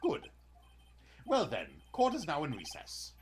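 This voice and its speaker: A man's voice: a little high, wildly swooping pitch, a little slow, a little hiss or hum. A man co-hosting a game playthrough, reading the dialogue aloud in a dramatic voice and breaking off into goofy asides. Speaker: let's-play co-host. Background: game music.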